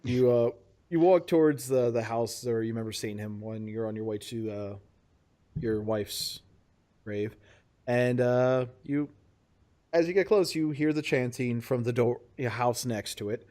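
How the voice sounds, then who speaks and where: A man's voice: mid-range voice, mellow. Laid-back man running a tabletop game. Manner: halting, many fillers, laughs often. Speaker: game master. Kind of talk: narrating a tabletop game over voice chat.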